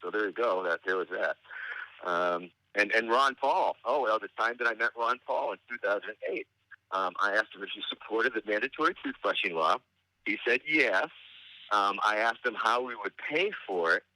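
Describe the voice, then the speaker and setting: Middle-aged male guest, rambling anecdotal storyteller, wry and halting, lowish voice with a very bright, forceful edge, dry close sound. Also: expressive, no room sound, rough recording. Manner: meandering, halting delivery with frequent hesitations. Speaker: interview guest.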